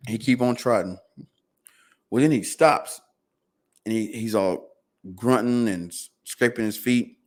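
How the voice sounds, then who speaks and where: Man telling a hunting story, animated. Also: mid-range voice, measured pace, pauses often. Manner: animated, acts out quotes of family; loose casual speech with slang. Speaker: podcast guest. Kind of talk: casual storytelling.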